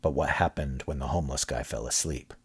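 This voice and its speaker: A man narrating a horror story from a script, with expressive, dramatic delivery. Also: very deep voice, a little fast, husky. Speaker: audiobook narrator.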